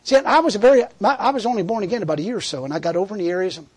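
A man's voice: high-pitched, rapid-fire, a little mellow, husky. A man preaching a sermon in a fervent, conversational way, repeating words and laughing as he tells a story.

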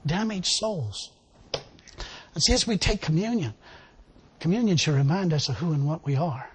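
A man preaching a lively sermon to a responding congregation, laughing often and acting out the people he quotes. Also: a little high, fairly quick, a little hiss or hum. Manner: animated, laughing, acts out quotes. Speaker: pastor.

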